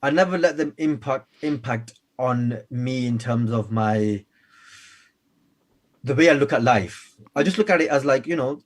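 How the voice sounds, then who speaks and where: A man's voice: medium pitch, a little slow. A man from the UK, a guest author telling playful, chatty stories in a radio interview. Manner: lively, chatty, playful storyteller. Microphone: radio studio microphone.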